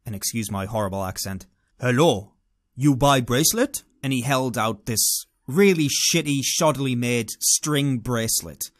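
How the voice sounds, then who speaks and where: British man, storytelling monologue, dramatic, wry, lively pitch. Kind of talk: first-person travel storytelling monologue.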